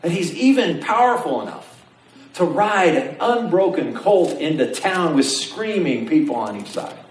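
Animated preacher in a roomy hall. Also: male voice, a little high, measured pace. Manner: animated storytelling preacher, asks the congregation questions. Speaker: pastor. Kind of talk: sermon. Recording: roomy sound from some distance, faint ambience.

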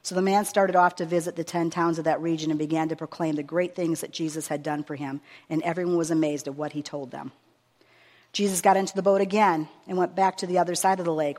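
A woman's voice: lowish voice, darkish tone. Earnest woman preaching in a reverberant hall. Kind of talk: sermon with a long scripture reading.

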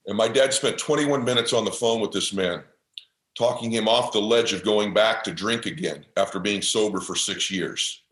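A man's voice: fairly low pitch, moderate pace, a bit bright. Podcast guest, man, intense heartfelt motivational storyteller, some room echo. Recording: roomy echo.

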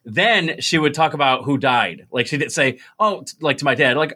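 Male comic co-host, lively storyteller, bright tone. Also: a little high, normal speed, hardly any pauses, breathy edge. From New York. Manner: animated storytelling with laughs. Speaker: podcast co-host. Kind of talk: comedic casual chat over video call.

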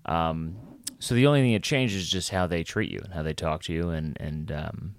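A man's voice: low-pitched, normal speed, clean tone, dry recording, clean studio sound. A young adult man, a stand-up comedian, telling a casual rambling story with lots of fillers and restarts.

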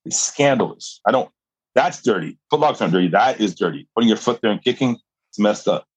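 A man's voice: lowish voice, lively intonation, brisk, slightly rough, dry recording, poor audio. A middle-aged man, a guest on a podcast, telling a story with energy, laughing often and restarting his sentences. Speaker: guest, jiu-jitsu fighter and coach.

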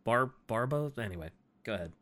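A man co-hosting a loose podcast, reacting with loud exclamations and ready laughter. His voice is bright and edgy, and it leaps up and down as he responds. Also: medium pitch. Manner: excitable, exclaiming, quick to laugh. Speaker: podcast co-host. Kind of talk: casual podcast chat.

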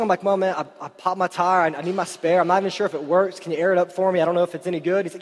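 A man preaching a sermon, telling stories in a chatty, animated way full of "like" fillers, in a church hall. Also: high voice, rapid-fire, few pauses. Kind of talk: sermon storytelling. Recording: reverberant hall.

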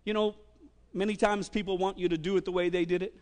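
A man preaching a sermon with impassioned emphasis and wide swings in loudness. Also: sits high, flat delivery, fast. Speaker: pastor. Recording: long hall reverb.

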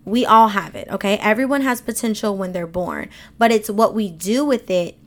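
Emphatic woman podcast host with AAVE. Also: mid-range voice. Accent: African American Vernacular English. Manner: emphatic, animated, speaks with slang. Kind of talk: motivational monologue.

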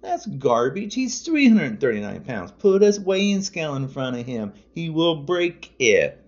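Furious ranting man, lively pitch. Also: measured pace. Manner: furious, shouting insults, repetitive. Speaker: podcaster. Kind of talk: angry political rant. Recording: dull lo-fi audio.

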